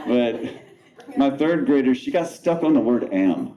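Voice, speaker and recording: A man's voice: mid-range voice, animated, moderate pace, a crowd in the background, rough recording. A man in his thirties doing a rambling, self-mocking stand-up comedy set on a club stage, swearing casually. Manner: laid-back, rambling, profane, self-mocking.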